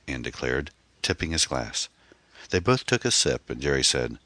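Deep-voiced male audiobook narrator. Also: animated, moderate pace, a bit bright, no echo.

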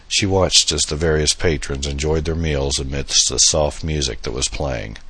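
A man giving steady, measured audiobook narration, recorded close on a studio mic. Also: extremely low pitch, slightly rough, no echo.

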